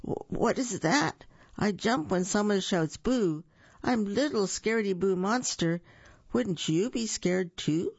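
Storyteller doing a scared little monster boy, high jumpy voice, husky, dull lo-fi recording. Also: big pitch swings, measured pace, dry recording, exaggerated voice. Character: timid little monster boy, easily frightened.

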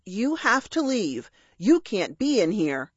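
A woman's voice: medium pitch, very animated, slow, slightly rough, no echo, highs cut off, heavily acted. A woman voicing an earnest, bumbling young male dragon who speaks in a flustered, grandly heroic way in an audiobook reading.

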